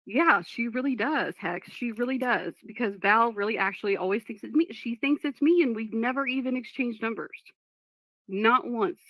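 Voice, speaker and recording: Woman livestreamer, gravelly voice, distracted by chat, dull dry mic. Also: fairly high pitch, normal speed, fairly bright tone, no room sound. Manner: frustrated, distracted by chat, apologetic. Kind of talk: casual live stream talk.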